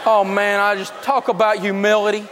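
A man's voice: high voice, completely flat delivery, fairly quick, over a noisy crowd, heavy background noise. A man teaching a live personal finance seminar, telling funny stories and laughing through his jokes as he drives home his points. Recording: long hall reverb.

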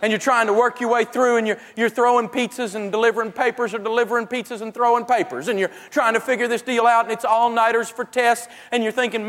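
A man with a notably high voice teaches through humorous stories, acting out everyday people as he goes. He often stumbles and restarts his sentences mid-thought. His voice rings out with the long reverb of a large hall. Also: little pitch movement, fast, hardly any pauses, a bit bright. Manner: storytelling, acts out everyday people, frequent stammered restarts. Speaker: seminar speaker. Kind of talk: humorous teaching talk to a live audience.

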